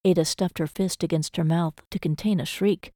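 In a clean studio recording with no echo, a woman on the low side narrates an audiobook. Her storytelling delivery is even and measured.

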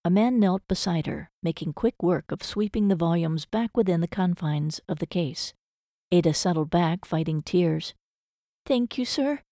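Woman narrating an audiobook, low mellow voice, dry close recording. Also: normal speed, no echo.

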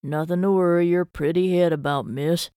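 A woman's voice: on the low side, fairly even intonation, normal speed, dark tone, clean tone, no room sound, clean studio sound, close to an everyday voice. A woman voicing a tall, cocky working man who teases in folksy speech. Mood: teasing.

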